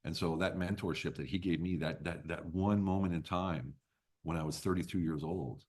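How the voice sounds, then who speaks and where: A man's voice: low-pitched, moderate pace, darkish tone. A man in his fifties, a business coach telling stories as a podcast guest, blunt and emphatic with casual swearing. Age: 50s. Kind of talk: podcast interview storytelling.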